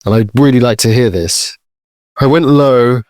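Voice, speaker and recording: A man playing a tabletop game, talking in a rambling, halting, self-deprecating way. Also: mid-range voice, darkish tone, no room sound, clean studio sound. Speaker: player. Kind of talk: casual tabletop role-play.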